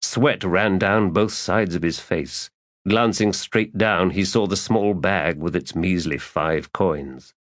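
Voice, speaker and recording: A man reading a fantasy audiobook in a measured, dramatic storytelling manner. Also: low voice, no echo, clean studio sound. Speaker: audiobook narrator. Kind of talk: scripted narration.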